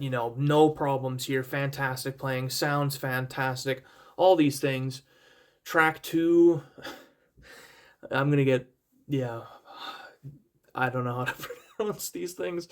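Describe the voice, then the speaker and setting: A young man casually reviewing an album, rambling and self-deprecating, with many fillers and restarts and repeated praise. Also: medium pitch. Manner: enthusiastic, repeats praise words.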